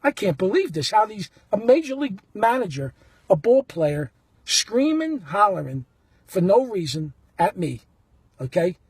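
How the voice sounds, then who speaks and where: A man's voice: high voice, unhurried, breathy edge, dry recording. A man telling a story in a blunt, casual way, acting out what people said. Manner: animated, blunt, acts out the quotes. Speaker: baseball fan telling a story.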